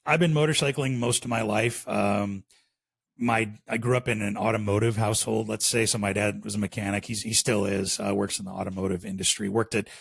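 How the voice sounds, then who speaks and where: A man's voice: lowish voice, brisk, vocal fry, husky, no room sound. A man from the Chicago area with a Chicago accent, chatting casually as a podcast guest and rambling with plenty of fillers. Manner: relaxed, rambling with many fillers. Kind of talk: casual interview chat.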